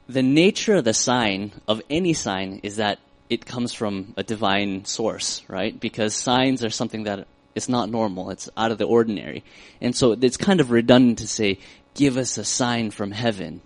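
A man's voice: lowish voice, moderate pace, no echo. Man, Bible teacher, conversational, self-correcting, dry close recording. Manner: conversational, thinking aloud with fillers and self-corrections.

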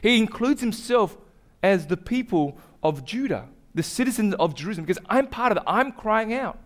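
High-voiced pastor preaching earnestly. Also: male voice, lively intonation, moderate pace. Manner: earnest, repetitive, building in intensity. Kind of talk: sermon.

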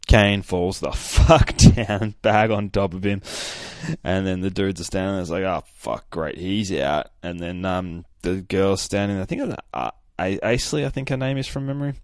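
A man's voice: deep voice, steady tone, moderate pace, no room sound, clean studio sound. A hungover young man hosting a podcast, recapping a comic in a rambling, profane, casual way with lots of fillers. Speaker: podcast host.

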